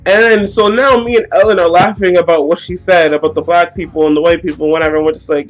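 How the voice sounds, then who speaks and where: A woman's voice: fairly low pitch, steady tone, quick pace, hardly any pauses, faint music behind. A young woman telling a heated, slangy story in a storytime vlog. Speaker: vlogger.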